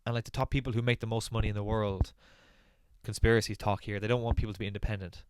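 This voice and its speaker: A man's voice: lowish voice, fairly even intonation, fast talker, slight background noise. A man with an Irish accent, a podcast guest talking bluntly and opinionatedly. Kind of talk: casual chat.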